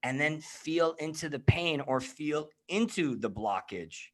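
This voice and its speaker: A man's voice: on the high side, lively intonation, a little slow, fairly bright tone. Reflective man hosting a talk show. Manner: reflective, searching, many restarts. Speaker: host. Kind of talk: casual podcast conversation.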